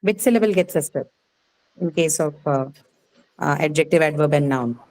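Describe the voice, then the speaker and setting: A woman's voice: low-pitched, moderate pace, a little mellow, poor audio. Woman teacher explaining step by step. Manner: patient, explanatory, checks understanding with frequent "okay". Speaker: English teacher. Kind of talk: live online class lecture.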